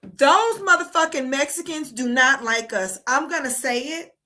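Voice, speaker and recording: A woman's voice: sits high, moderate pace, bright, forceful tone. A woman from the United States hosting a livestream, delivering a profane, heated and emphatic casual rant. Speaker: streamer host.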